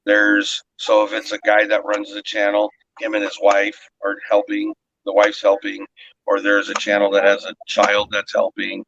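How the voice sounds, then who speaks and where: A man's voice: on the low side, monotone, moderate pace, creaky, a bit bright, dull audio, a little hiss or hum. A man hosting a casual cooking livestream, explaining the rules at length and checking in with "okay?". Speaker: host of a cooking channel event.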